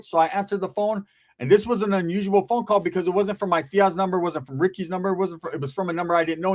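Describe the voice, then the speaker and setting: A man casually telling a long, rambling story about family phone calls, swearing freely and checking in with "right?". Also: sits high. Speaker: storyteller vlogger.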